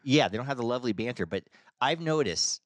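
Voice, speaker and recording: A man's voice: medium pitch, animated, dry recording. A middle-aged man with a nasal voice, co-hosting a podcast in casual, rambling chat. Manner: fast rambling delivery with restarts. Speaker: podcast co-host.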